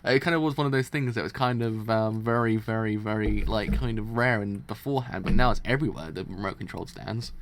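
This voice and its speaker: A man hosting a live manga reading stream, reacting with excited swearing and loose, rambling commentary. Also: on the low side, a little fast, hardly any pauses, background noise.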